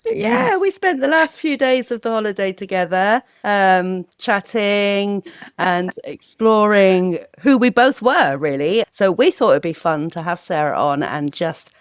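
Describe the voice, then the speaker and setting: A woman hosting an interview podcast, chatty and quick to laugh. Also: medium pitch, expressive, smooth, no echo, clean studio sound. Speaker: podcast host.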